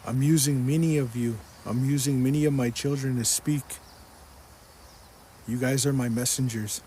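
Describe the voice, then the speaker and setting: A man's voice: mid-range voice, steady tone, normal speed, mellow, a little hiss or hum. A man giving a personal religious testimony, earnestly retelling a dream and repeating what he was told again and again. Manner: earnest, repetitive, quotes the speaker in the dream again and again.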